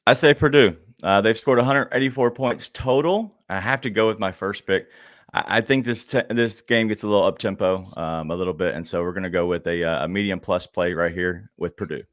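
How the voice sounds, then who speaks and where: Low-voiced analyst, distant from the mic. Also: male voice, fairly quick. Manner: hesitant, filler-heavy. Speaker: betting analyst.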